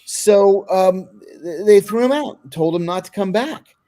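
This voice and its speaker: A man's voice: high voice, lively intonation, measured pace, dark tone. A man being interviewed, telling blunt, vivid stories and acting out what people said. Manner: blunt, vivid storyteller who acts out quotes. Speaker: interview guest. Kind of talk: anecdotal storytelling in an interview.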